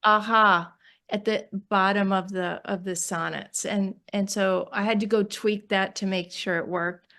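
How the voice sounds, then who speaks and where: A woman poet with a New York accent, talking casually about her book in an interview, often pausing and restarting as she searches for words. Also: mid-range voice, steady tone, pushed and bright.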